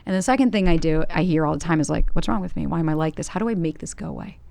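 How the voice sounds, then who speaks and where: A woman's voice: sits low, racing, vocal fry, mellow, dry recording. A woman coach in a casual podcast conversation, talking animatedly, swearing casually and acting out her inner voice with rhetorical questions. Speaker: guest coach.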